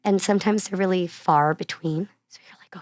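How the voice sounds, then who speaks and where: A woman from Miami, an actress guesting on an interview, telling stories in an animated, chatty way with frequent laughs. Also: lowish voice, moderate pace, no echo. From Miami, Florida. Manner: animated storyteller, laughs often between phrases; chatty, uses many fillers like "like" and "you know". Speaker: actress and singer-songwriter guest. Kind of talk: casual conversational interview.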